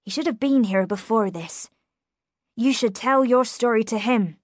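A woman reading a storybook, voicing a rough but kindly male coachman who speaks in a soothing, steady way. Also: fairly high pitch, measured pace, no echo, studio quality, voice pushed up. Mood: grave.

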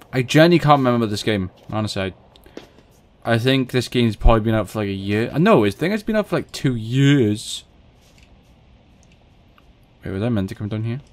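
A man giving casual let's play commentary into a desk mic on a stand, with swearing, panicky outbursts and self-mocking jokes. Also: mid-range voice. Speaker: gaming video host.

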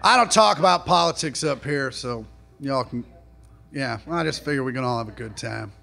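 A man doing a live stand-up set in a comedy club, mocking and profane, shouting his punchlines. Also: medium pitch, expressive, normal speed, creaky. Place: comedy club stage before a laughing audience. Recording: live club recording, audience noise.

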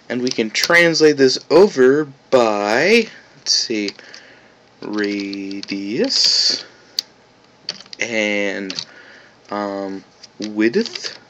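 A man hosting a casual screencast tutorial, rambling and correcting himself, with bursts of playful excitement. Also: fairly low pitch, noisy background. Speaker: software tutorial host.

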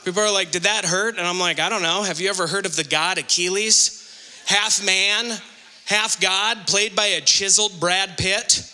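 A middle-aged male stand-up comedian working a theater crowd with a bright, piercing voice pitched high for a man. He tells his stories loudly and animatedly, jumping into shouted punchlines. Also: moderate pace. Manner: loud animated storytelling with sudden shouted punchlines. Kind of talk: live stand-up set. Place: theater stage with audience. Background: audience laughter.

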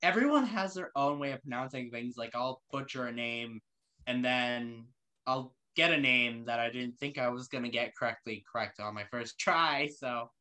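Man, show host, casual interviewer, rambling, many fillers, bright tense voice. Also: medium pitch, normal speed.

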